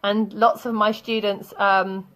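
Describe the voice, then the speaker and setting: A chatty woman explains words, slipping in little stories as she goes. She laughs easily, and her voice sits at an ordinary middle pitch. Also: flat delivery, slow pace, fairly bright tone. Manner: chatty, laughs often, tells anecdotes. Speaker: English teacher. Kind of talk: online English vocabulary lesson.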